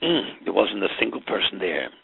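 Gravelly low rabbi on a tinny line. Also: male voice, sing-song, moderate pace, slight background noise. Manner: dramatic storytelling, acts out the scene. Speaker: rabbi teaching Torah. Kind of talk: Torah lecture mixing Hebrew and Yiddish terms. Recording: tinny phone-line audio.

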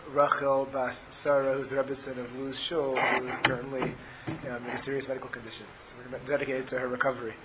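A man with a scratchy, hoarse voice giving a religious class, explaining step by step with frequent ums and restarts. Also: mid-range voice. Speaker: Torah teacher.

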